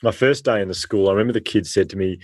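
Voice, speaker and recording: An Australian man, a former teacher, telling stories with animated, slangy energy in an interview. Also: lowish voice, rapid-fire, dry recording. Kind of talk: storytelling in a podcast interview.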